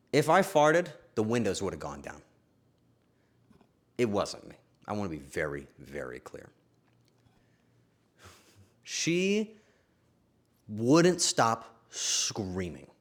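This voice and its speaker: Animated young male streamer telling a story. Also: lowish voice. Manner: animated, swearing, laughing storyteller. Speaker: streamer host. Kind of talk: casual storytelling to chat.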